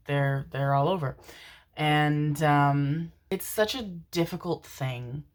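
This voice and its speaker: A woman tarot reader telling a casual, rambling story, repeating words and swearing offhandedly. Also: low-pitched.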